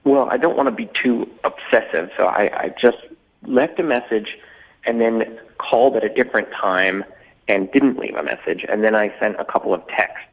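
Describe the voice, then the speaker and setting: A man's voice: on the low side, normal speed, gravelly, breathy edge. A man calling into a radio show, talking hesitantly and earnestly with lots of fillers. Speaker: caller. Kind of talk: telling a dating story on air. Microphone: phone. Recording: dull phone line.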